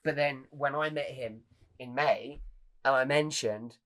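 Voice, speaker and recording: A man's voice: mid-range voice, a little slow, a bit bright. A young man in his twenties co-hosting a podcast, chatting casually and earnestly with many restarts. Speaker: podcast co-host. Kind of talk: casual chat.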